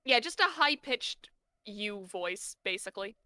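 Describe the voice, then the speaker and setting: Bright-voiced woman co-streamer. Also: medium pitch, lively intonation, slight background noise. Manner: quick, friendly remarks to her co-host. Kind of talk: casual game stream chat.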